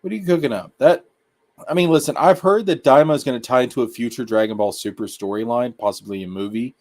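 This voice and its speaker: A man hosting a casual live-stream anime review, talking excitably in slang and repeating his points. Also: medium pitch, quick pace.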